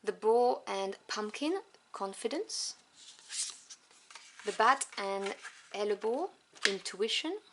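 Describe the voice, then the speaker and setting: Slow, soft-spoken woman. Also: mid-range voice, lively intonation, slight background noise. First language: French. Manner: soft, unhurried listing with fond asides. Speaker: tarot deck reviewer. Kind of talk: card-by-card deck review.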